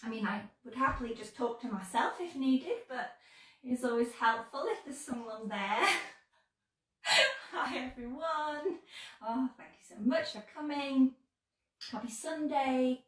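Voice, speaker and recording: A woman's voice: fairly high pitch, unhurried. An English woman hosting a live-streamed sewing tutorial, chatty and upbeat, a little under the weather. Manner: chatty and upbeat, greets viewers warmly. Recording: echoey room, mic at a distance.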